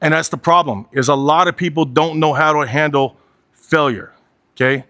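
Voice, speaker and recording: A man's voice: on the high side, normal speed, pushed and bright, no room sound, studio quality. A man in his forties giving a candid motivational talk, blunt and profane, driving his points home with repetition and a habitual "right?". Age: 40s. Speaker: motivational speaker.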